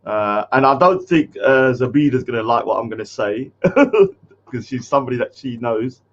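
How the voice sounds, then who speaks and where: A man's voice: medium pitch, animated, moderate pace, highs cut off. A man hosting a casual livestream, rambling with lots of fillers and getting easily annoyed. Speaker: host.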